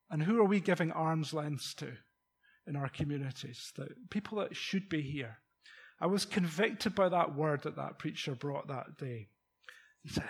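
A middle-aged man delivers a sermon, his fairly high voice carrying a husky, breathy edge. He talks informally and keeps asking the congregation questions. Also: moderate pace. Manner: conversational, rhetorical questions, chuckles. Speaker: preacher.

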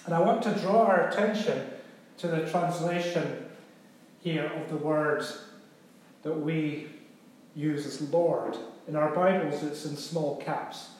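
A man preaching a sermon, talking it through like a teacher and pausing to ask if everyone is with him. His voice sits a little higher than most men's. The recording carries a heavy echo from a big reverberant room. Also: a little hiss or hum. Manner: conversational teaching, checks in with "okay?". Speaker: pastor. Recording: very echoey room.

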